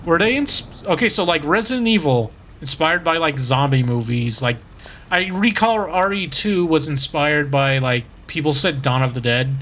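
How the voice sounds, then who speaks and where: A man's voice: on the high side, expressive, normal speed, fairly bright tone, slight background noise. Chatty man streaming a horror game. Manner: rambling, chatty, self-correcting. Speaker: gaming streamer. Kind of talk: casual let's-play commentary.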